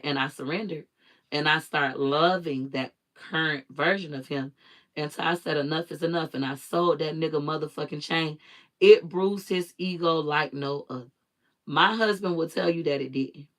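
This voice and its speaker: A woman's voice: low-pitched, a bit bright. A woman hosting her own live stream, telling a personal story in an emphatic, repetitive way with blunt swearing.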